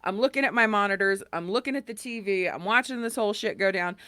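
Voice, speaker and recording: A woman's voice: medium pitch, fast, sharp tone, dry recording. A woman co-hosting a casual political chat podcast, telling stories animatedly and acting out quoted dialogue. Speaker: podcast co-host.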